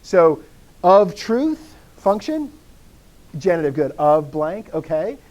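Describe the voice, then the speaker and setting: Slow and sing-song, a man with a higher, slightly mellow voice leads a language class. He's enthusiastic and conversational, interrupting himself and supplying answers to his own questions.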